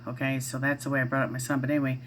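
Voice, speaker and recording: A woman's voice: extremely low pitch, little pitch movement, very fast, slight background noise. A middle-aged woman vlogging at home, chatting casually in a rambling way with lots of fillers and restarts. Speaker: parent vlogger. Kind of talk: casual chat to camera.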